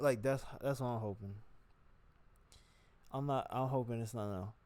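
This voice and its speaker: Talking to the camera with hand gestures, a young vlogger rambles without a script at a moderate pace. His voice is medium-pitched and a little mellow with no room sound, and he swears freely while jumping into performed quotes.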